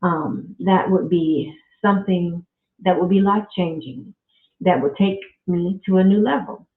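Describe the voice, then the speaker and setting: A middle-aged woman hosting a podcast, talking slowly and from the heart, with frequent religious exclamations. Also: fairly low pitch. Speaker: podcast host. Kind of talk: casual faith-based personal talk. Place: at home. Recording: echoey room, phone-like audio.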